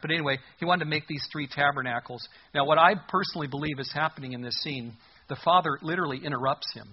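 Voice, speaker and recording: A man's voice: fairly high pitch, fast, slightly rough, lo-fi sound. A man preaching a sermon in a conversational, humorous way, reading scripture aloud. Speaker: pastor.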